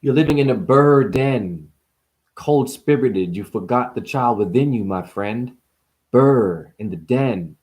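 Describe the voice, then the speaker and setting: A man rambling through a spiritual vlog monologue, punning in rapid free association, swearing and laughing as he preaches. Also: medium pitch, expressive, darkish tone. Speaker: spiritual vlogger.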